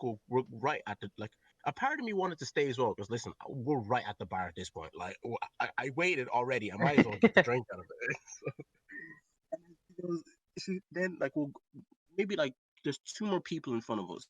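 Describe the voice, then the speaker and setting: A man's voice: mid-range voice, big pitch swings, fairly quick, a bit bright, husky, no echo. A young man co-hosting a casual podcast, telling a rambling anecdote full of fillers and acted-out quotes, close on a podcast mic. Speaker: podcast co-host. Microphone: close podcast microphone.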